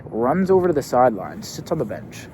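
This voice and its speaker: A man's voice: medium pitch, very animated, fairly quick, mellow, a little hiss or hum. A young man, a youth basketball coach, telling a story in a brash, profane, swaggering way. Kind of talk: casual storytelling rant.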